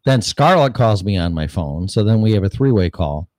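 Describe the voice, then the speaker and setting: A man's voice: fairly low pitch, lively intonation, moderate pace, darkish tone, no room sound. A man hosting a casual call-in chat, laid-back and telling a story with easy swearing. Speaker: show host.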